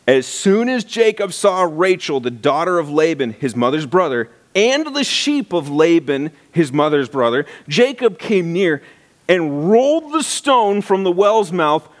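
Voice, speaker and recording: Male pastor, sermon delivery, animated storyteller, wide pitch swings. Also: unhurried. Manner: animated storytelling, reads scripture aloud.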